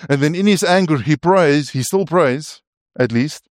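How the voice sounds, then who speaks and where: A man's voice: fairly high pitch, unhurried. A man delivering a sermon in a somewhat raised voice. He is earnest and keeps restarting his phrases, and he turns often to his listeners. The sound is close and dry, with no room echo. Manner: earnest, stumbling restarts, rhetorical asides to listeners. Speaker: preacher.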